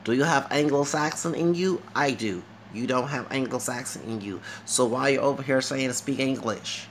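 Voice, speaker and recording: A man's voice: mid-range voice, moderate pace, slight background noise. A man with a Southern US accent ranting to camera in a heated, mocking monologue and dropping Spanish phrases into his talk. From United States. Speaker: vlogger.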